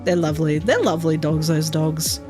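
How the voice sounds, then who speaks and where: A woman's voice: low voice, normal speed, music in the background. A woman streaming, chatting casually and rambling with many fillers and frequent swearing.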